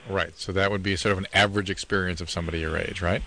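An earnest male co-host who lectures callers with frank medical advice. His voice is very deep yet bright, and he talks quickly. A faint hiss sits under him. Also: fairly even intonation. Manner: earnest, lecturing, explains at length. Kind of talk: call-in advice talk.

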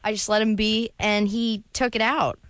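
A woman's voice: mid-range voice, level tone, normal speed, fairly bright tone, no echo, studio quality. A woman guest on a call-in radio show, chatting casually with frequent laughs and hesitations.

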